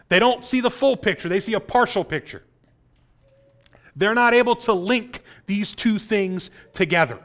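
A man's voice: sits high, fairly bright tone. A man preaching an expository sermon, emphatic and full of rhetorical questions. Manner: emphatic, asks rhetorical questions, acts out quotes. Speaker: pastor.

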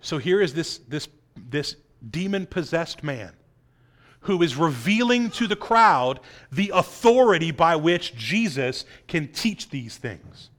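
A man with a notably high voice preaches a sermon through a passage. He leans hard on key points and keeps asking his listeners rhetorical questions. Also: very animated, slow, a bit bright. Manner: emphatic, asks rhetorical questions, acts out quotes. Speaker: pastor. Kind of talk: expository sermon.

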